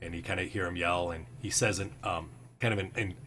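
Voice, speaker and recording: Deep-voiced man running a tabletop game. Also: fairly even intonation, a little fast, pushed and bright, a little hiss or hum. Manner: rambling with many fillers. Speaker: game master. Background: faint background music.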